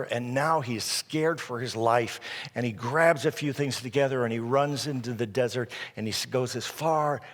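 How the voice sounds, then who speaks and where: A male pastor retelling a scripture story in an animated sermon, with frequent restarts. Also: mid-range voice. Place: church sanctuary. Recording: reverberant church hall.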